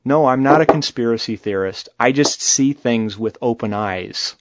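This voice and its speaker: A man with a mid-range voice co-hosts a podcast, talking politics at a moderate pace, bluntly, animatedly and casually, cursing freely. The sound is dry with no room sound, and the highs are cut off.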